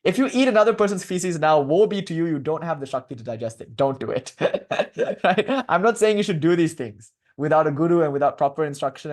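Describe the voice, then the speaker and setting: A man giving an informal lecture on devotional philosophy, animated and joking with his listeners. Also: on the high side. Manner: animated, jokey asides and laughter, chanting at the close.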